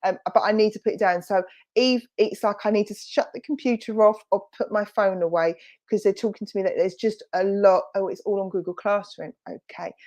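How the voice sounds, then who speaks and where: A woman's voice: mid-range voice, fairly even intonation, fairly quick, darkish tone. A woman with a Romford accent working as a spiritualist medium, passing on spirit messages in a chatty, reassuring way during an online service. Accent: Romford, Essex. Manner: chatty, reassuring, with frequent fillers and self-corrections. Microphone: video call.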